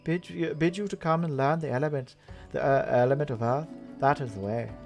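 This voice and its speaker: A man's voice: fairly high pitch, fairly quick, vocal fry. A man voicing a solemn male earth conjurer who teaches, in an odd put-on accent and a formal way of speaking, with game music behind.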